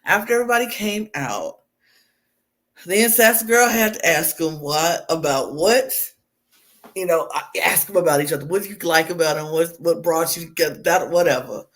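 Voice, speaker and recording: A podcast co-host in casual chat, recapping an episode as a lively storyteller who acts out what people said. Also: mid-range voice, normal speed.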